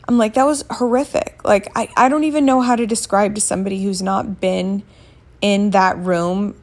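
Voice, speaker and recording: Gravelly and medium-pitched, this thirtysomething woman's voice carries a story she tells in a casual home vlog while sitting up on a bed. She's frank and blunt, cursing freely as she goes.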